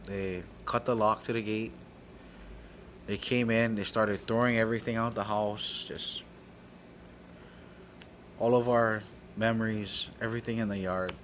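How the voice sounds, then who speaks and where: A man's voice: fairly low pitch, steady tone, measured pace, long pauses, fairly bright tone, slight background noise. A middle-aged man from Hawaii telling a personal story, heated and profane, acting out the dialogue. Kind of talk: personal story told aloud.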